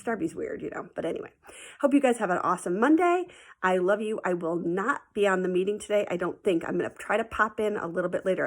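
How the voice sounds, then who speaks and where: A playful woman teacher chats to her class in a casual recorded message. Her voice is slightly husky and sits in an ordinary middle register. She tells stories in a loose, chatty way and now and then drops to a whisper for a secret. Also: mid-range voice.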